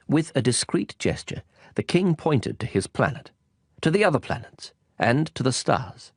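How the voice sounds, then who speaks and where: A man reading an audiobook in a calm, storytelling manner. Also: medium pitch, normal speed, husky, no echo, studio quality. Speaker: audiobook narrator.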